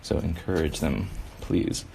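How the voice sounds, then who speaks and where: Speaking at a measured pace, a man with an extremely low, gravelly, mellow voice leads a casual kids' drawing demo over a faint hiss or hum. He's rambling and encouraging, with plenty of "you know" fillers.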